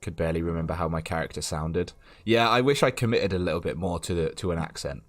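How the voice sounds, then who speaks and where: A man's voice: low-pitched, animated, fast talker. A man hosting a casual game stream, chatting, laughing often and reading choices aloud.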